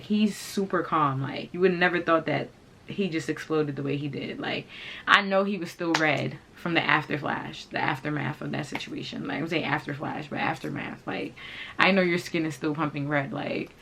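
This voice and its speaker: A woman vlogger telling a story in a blunt, profane, animated way, full of "like". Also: low-pitched, normal speed, creaky, a little hiss or hum. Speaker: fashion channel vlogger. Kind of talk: casual storytime monologue.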